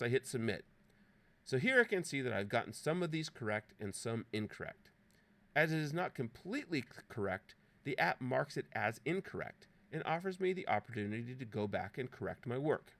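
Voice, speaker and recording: A man's voice: medium pitch, a bit bright. A man presenting an app walkthrough as a scripted, playfully dramatic voice-over narration with theatrical exclamations. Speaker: presenter demonstrating a teaching app.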